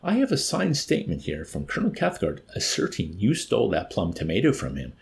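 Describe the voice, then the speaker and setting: A man's voice: fairly low pitch, wildly swooping pitch, brisk, gravelly, slight background noise, exaggerated voice. A man voicing a cold, mocking military officer interrogating a prisoner with nonchalant tartness. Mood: smug.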